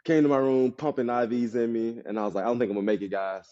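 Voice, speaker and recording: A man's voice: medium pitch, fairly even intonation, fast, mellow, lo-fi sound. A man who played pro football, telling stories bluntly as a podcast guest in casual chat. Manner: loose storytelling, blunt.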